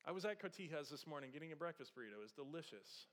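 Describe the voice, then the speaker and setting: A male pastor preaching a sermon, moving from soft conversational storytelling with humor to raised, passionate exhortation. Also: a little high, animated, rapid-fire.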